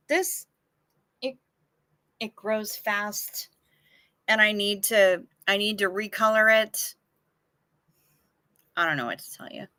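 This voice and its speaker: Slow-talking, bright-voiced woman streamer. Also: medium pitch, no echo. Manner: chatty and frank, with casual swearing. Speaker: livestream host. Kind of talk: casual livestream chat, reading viewer comments aloud.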